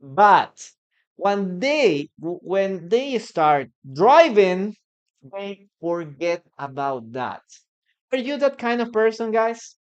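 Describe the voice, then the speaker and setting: A man with a Peruvian Spanish accent, teaching English live online and repeating phrases slowly for learners. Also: sits high, sing-song, highs cut off. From Peru. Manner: greets viewers by name and reads chat aloud.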